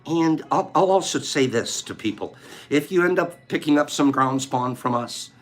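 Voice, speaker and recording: A man hosting a playful live-stream giveaway, calling out names loudly in a singsong way. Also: fairly high pitch, animated, normal speed.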